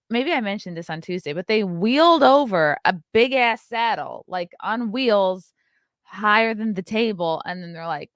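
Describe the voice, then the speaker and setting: Sarcastic chatty woman host, low voice. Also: smooth, dry recording, clean studio sound. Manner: chatty, sarcastic, swears freely. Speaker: show host. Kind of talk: casual morning show monologue.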